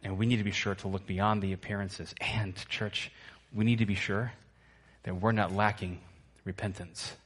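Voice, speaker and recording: A man's voice: on the low side, flat delivery, normal speed, a bit bright. A male pastor preaching a sermon to his church, emphatic and repetitive, asking the congregation to answer back.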